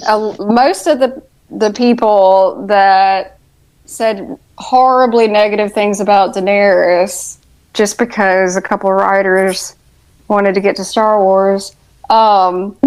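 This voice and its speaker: A woman's voice: medium pitch, rough recording. A woman co-hosting a casual TV review podcast, with dry, sarcastic asides. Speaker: podcast co-host.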